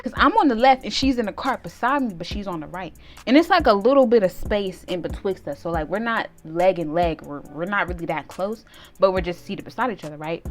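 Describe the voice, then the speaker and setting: A young woman vlogger telling a storytime tale in casual slang, animated and laughing, breaking into loud shouted reenactments. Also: mid-range voice, brisk, soft background music. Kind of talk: storytime vlog.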